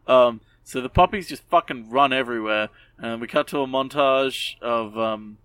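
A man hosting a podcast, recapping an episode in a rambling, animated way with lots of fillers and swearing. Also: medium pitch, moderate pace, clean tone, dry recording. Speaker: podcast host. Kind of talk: casual chat.

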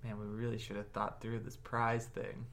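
A man's voice: lowish voice, monotone, moderate pace, a bit bright, slight background noise. A man co-hosting a podcast in casual chat, rambling and laughing often. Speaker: podcast co-host.

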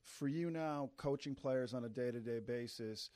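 A man from Canada's East Coast hosting a podcast interview, telling stories quickly and laughing often. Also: mid-range voice, darkish tone, dry recording. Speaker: podcast host. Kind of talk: casual interview chat.

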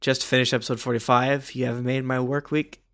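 A man co-hosting a casual podcast, reading listener reviews aloud with quick, offhand asides. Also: mid-range voice, level tone, fairly bright tone. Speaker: podcast co-host.

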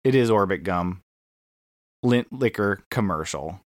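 Casual: excited podcast guy, lowish voice, dry close sound, keeps restarting. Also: moderate pace, no room sound. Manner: enthusiastic, gushing, restarts often. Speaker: podcast co-host. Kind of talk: casual chat.

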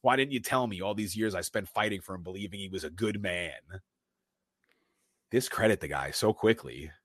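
Low-voiced man recapping a movie. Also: moderate pace, no echo, studio quality. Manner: animated retelling, quoting characters. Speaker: podcast co-host.

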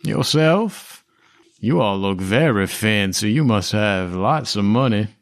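A man's voice: on the low side, animated, no echo. A man doing a drawling cowboy businessman. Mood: easygoing. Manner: slow, drawling, folksy. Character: slow-striding cowboy-hatted man, smooth talker.

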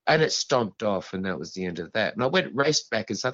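Rambling man, wildly varying pitch. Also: expressive, gravelly, fairly bright tone, muffled recording. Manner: rambling, halting, full of restarts and "you know". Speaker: guest. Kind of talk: storytelling in an interview.

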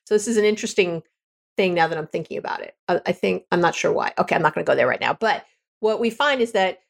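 A woman relationship coach talking candidly on a podcast, conversational and quick to correct herself. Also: fairly low pitch, expressive, vocal fry. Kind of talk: podcast monologue.

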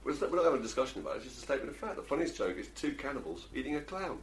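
A man's voice: mid-range voice, very animated, very fast, slight background noise. A man co-hosting a podcast, joking around and laughing at his own gags. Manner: jokey, laughs a lot, trails off quietly. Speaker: podcast co-host. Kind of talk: casual chat, telling jokes.

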